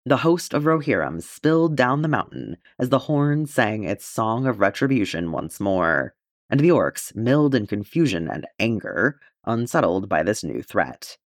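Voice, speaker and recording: Expressive low-voiced male narrator. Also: unhurried, no echo, clean studio sound. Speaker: audiobook reader. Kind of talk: fan-fiction audiobook narration.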